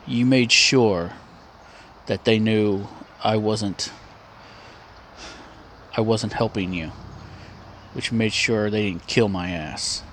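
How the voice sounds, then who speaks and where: A man voicing a sly, road-worn male gunman who talks in a wry, needling way, a little louder than his narration. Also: on the low side, slow, long pauses, a little hiss or hum.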